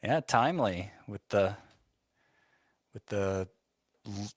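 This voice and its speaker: Wry, low-voiced male podcast co-host. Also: animated, slow, breathy edge, no echo, studio quality. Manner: wry, understated remarks. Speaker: fantasy baseball podcast co-host. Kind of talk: casual chat.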